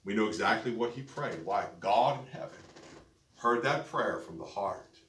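A man's voice: on the low side, animated, normal speed, a bit bright. A man preaching a sermon, telling a story and building to emphatic peaks. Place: church sanctuary. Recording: echoey church, distant mic, faint noise.

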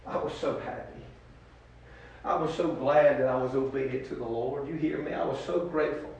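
A man preaching a testimony sermon, swinging from shouts to hushed talk. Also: mid-range voice, fairly even intonation, moderate pace. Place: church hall. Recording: echoey hall from far off.

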